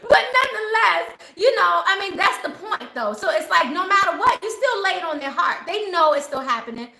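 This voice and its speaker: High, bright-voiced woman in a roomy space. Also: a little fast, gravelly, hardly any pauses, slight background noise. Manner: animated, acts out quoted voices. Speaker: spiritual advisor. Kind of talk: casual talk to viewers. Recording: roomy echo.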